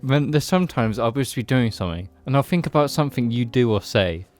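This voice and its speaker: A man's voice: mid-range voice, animated, fairly quick, darkish tone, faint music behind. Rambling young man on a podcast. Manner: rambling, self-correcting, laughs often. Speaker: podcast co-host. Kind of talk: casual chat.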